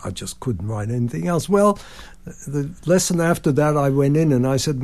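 Ninety-year-old man telling lively stories. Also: mid-range voice, normal speed. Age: 90s. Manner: animated anecdotes, sings phrases and acts out quotes. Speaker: composer guest. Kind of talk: storytelling interview.

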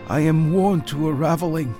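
A frail, weary old tailor from a storybook, put on by a male narrator. The voice sits noticeably higher than the reader's own and sounds a touch distant. He talks in a sighing, worn-out lament. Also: normal speed, music in the background, lightly acted. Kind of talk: storybook reading.

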